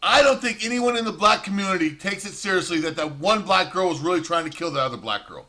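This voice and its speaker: A man's voice: sits high, bright, forceful tone. A man telling a rambling, profane prison story in a casual monologue.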